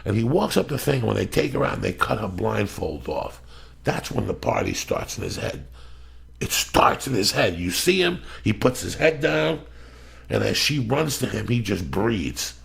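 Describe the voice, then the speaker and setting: A man's voice: on the low side, big pitch swings, normal speed. A middle-aged man, a podcast host ranting with heavy swearing and acting out movie lines. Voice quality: gravelly. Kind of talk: profane storytelling rant.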